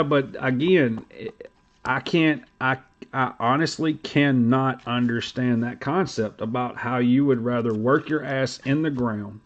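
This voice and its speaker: A middle-aged man, hosting a casual livestream chat and telling stories in a blunt, profane, animated way. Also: medium pitch. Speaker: livestream host. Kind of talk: casual card-collecting talk. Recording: dull lo-fi stream audio.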